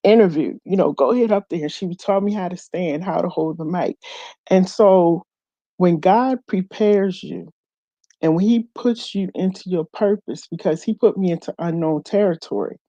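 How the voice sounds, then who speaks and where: A woman tells a personal story straight to her viewers, lively and expressive as she acts out the people in it. Her voice is mellow and rounded, and the sound is dry and close with no room echo. The delivery is relaxed storytelling. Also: lowish voice, normal speed, highs cut off. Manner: animated, quotes others in lively voices, addresses viewers as y'all. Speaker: show host.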